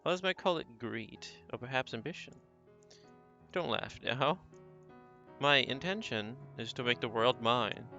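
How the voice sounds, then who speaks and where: A man's voice: mid-range voice, animated, a little slow, creaky, bright, forceful tone, soft background music, exaggerated voice. A man voicing a proud, blunt, money-minded young husband who lectures and complains arrogantly, in a slightly dull lo-fi recording. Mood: musing.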